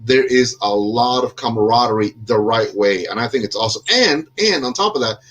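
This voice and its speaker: A man's voice: medium pitch, lively intonation, a little fast, fairly bright tone. Rambling, jokey man on a video call. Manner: jokey, self-deprecating, rambling with many fillers. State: under the weather. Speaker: podcast host. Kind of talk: casual video chat.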